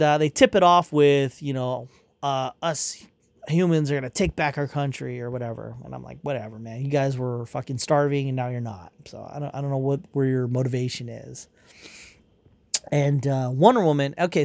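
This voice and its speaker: A man's voice: mid-range voice, no room sound. Rambling, cursing man. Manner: rambling, profane, full of fillers and restarts; irritated, dismissive. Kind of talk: casual spoken review rant.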